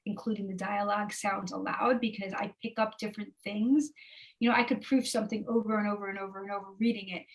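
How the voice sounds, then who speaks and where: A woman's voice: mid-range voice, creaky, a bit bright, low-quality recording. A woman author answering interview questions over a video call, chatty, with frequent fillers and asides. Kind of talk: casual interview talk. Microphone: remote video call.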